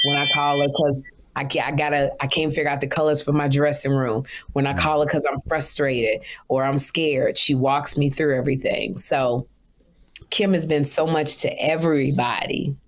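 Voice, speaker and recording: A middle-aged woman co-hosting a podcast, telling comic stories in an animated way that swings high when she quotes people. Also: moderate pace. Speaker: podcast co-host. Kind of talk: comic storytelling chat.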